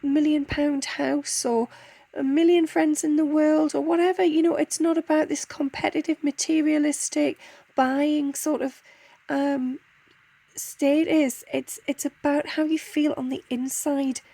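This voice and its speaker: Gravelly, mellow-voiced woman. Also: sits high, flat delivery, no echo. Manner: soft, heartfelt, with many restarts and pauses. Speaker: spiritual card reader. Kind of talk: channelled guidance reading.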